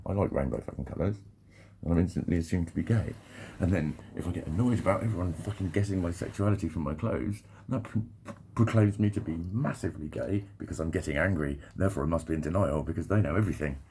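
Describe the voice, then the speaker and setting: A man's voice: low voice, quick pace, warm tone, slight background noise. A man rambling and swearing freely through a casual vlog monologue, often breaking off and restarting his sentences. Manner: rambling, sweary, self-interrupting. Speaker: vlogger.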